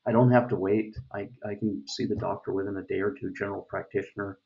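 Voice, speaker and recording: A man's voice: lowish voice, fairly even intonation, fast talker, gravelly. A middle-aged man from the United States giving a casual opinion monologue, rambling with many fillers and restarts. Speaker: vlogger. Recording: dull lo-fi recording.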